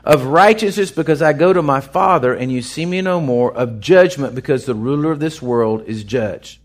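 A man's voice: medium pitch, moderate pace. A man preaching an off-the-cuff sermon, acting out voices as he goes. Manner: animated, acts out voices in his storytelling. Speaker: pastor.

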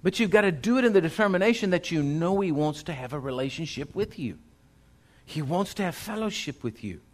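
A man's voice: a little high, animated, fairly quick. A male pastor, preaching a sermon in a folksy, conversational way that builds in intensity.

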